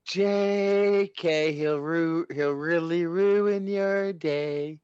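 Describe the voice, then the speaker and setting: A man voicing a little girl chanting a creepy sing-song rhyme, slowly. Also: fairly high pitch, darkish tone, smooth, dry recording, lo-fi sound. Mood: eerie.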